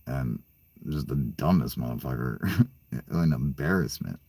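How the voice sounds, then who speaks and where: A young man rants in a casual monologue, swearing freely and stumbling over his words. His voice sits low and husky. The sound is dry and close, with little room to it. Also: animated, a little slow, a little mellow, no echo. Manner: profane, rambling, stammering, laughing often. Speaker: channel host.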